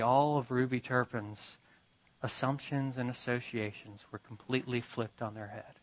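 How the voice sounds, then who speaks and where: Bright-voiced male preacher telling a story. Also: mid-range voice, poor audio. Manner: dramatic retelling, swinging from urgent to hushed. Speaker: pastor. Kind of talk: storytelling sermon.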